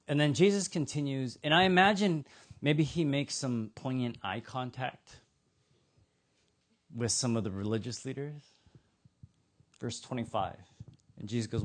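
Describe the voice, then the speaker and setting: A man preaching a sermon, retelling a parable with lively, acted-out voices. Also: mid-range voice, normal speed, pauses often. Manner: animated storytelling, acting out characters.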